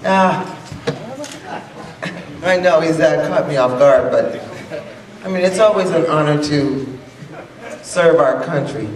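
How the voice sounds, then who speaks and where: A woman, an Army officer called up by surprise, speaking emotionally and haltingly with many pauses. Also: low voice, a little mellow. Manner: halting, with fillers and restarts. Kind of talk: impromptu thank-you remarks. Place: large banquet hall. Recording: echoey hall, distant mic, crowd behind.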